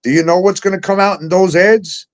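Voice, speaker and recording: Middle-aged male host, profane sarcastic ranter, slightly high voice. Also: fairly even intonation, fairly quick. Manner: profane, incredulous, sarcastic ranting. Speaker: talk show host. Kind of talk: ranting conspiracy talk.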